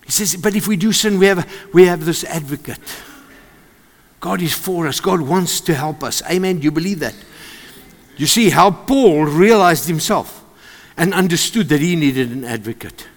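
A man with a South African accent preaching a sermon, animated and joking with the congregation. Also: medium pitch. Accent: South African English. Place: church service with congregation. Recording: long hall reverb.

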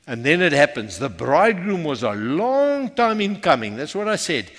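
A man with a South African accent preaching a sermon in a church, emphatic and repetitive, swinging from loud calls to hushed intensity. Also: on the high side, huge pitch swings, normal speed, few pauses. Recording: reverberant church hall.

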